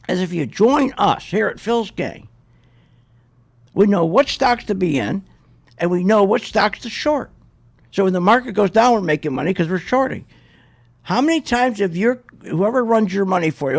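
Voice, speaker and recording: Hosting a radio show, a man rants sarcastically through opinionated market commentary, mocking others in put-on voices. His voice is high for a man, with a gravelly fry running through it.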